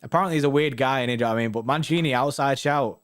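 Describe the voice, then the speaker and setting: A man co-hosting a football fan show talks very fast in a mid-range voice. He reads viewer comments in casual, rambling chat full of slang and restarts.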